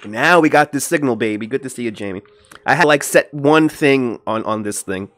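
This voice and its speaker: A man chatting live to his viewers from home, loose and rambling as he greets them one by one. His voice is dry and close, with no room sound around it. His pitch sits in a middle range but leaps up when he gets worked up. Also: moderate pace, a bit bright, dry recording. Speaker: livestream host. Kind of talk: casual livestream chat.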